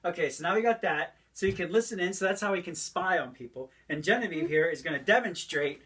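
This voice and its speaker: A man's voice: a little high, expressive, fast, slightly rough. A man, a father, casually reviewing a toy with his child at home, chatty and laughing as he shows each feature. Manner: chatty, laughs often, demonstrates as he goes. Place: room at home. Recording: loud background noise.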